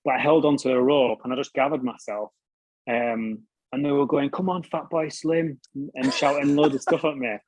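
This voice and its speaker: Husky, dry-sounding British man. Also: mid-range voice, steady tone, a little fast, a little mellow, no echo, poor audio. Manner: blunt, swears freely, laughs at himself. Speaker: interview guest. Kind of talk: casual storytelling.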